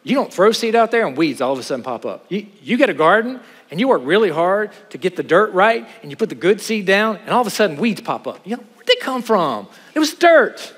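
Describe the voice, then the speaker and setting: Man, preacher, high-pitched, animated sermon, joking asides, long hall reverb. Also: brisk, few pauses, breathy edge.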